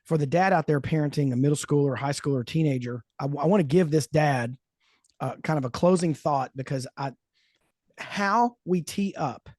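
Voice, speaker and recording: Higher-pitched man, dry close sound. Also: brisk, no echo. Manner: thoughtful, storytelling, lively emphasis. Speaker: podcast host. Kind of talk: casual chat.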